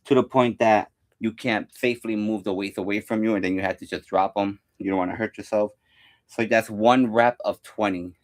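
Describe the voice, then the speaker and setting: A young man walks through his home workout in a loose, rambling way, full of fillers. His voice sits slightly low, and he counts each rep out loud as he goes, sometimes a little winded. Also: fairly even intonation, normal speed. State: out of breath at times. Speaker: fitness vlogger. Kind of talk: casual workout demonstration.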